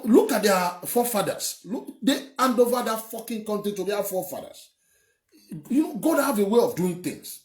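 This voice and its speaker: In an echoey room, a young Edo State Nigerian online commentator rants about politics with a high, slightly mellow voice. His talk rambles and is emphatic, full of repeated words and swearing.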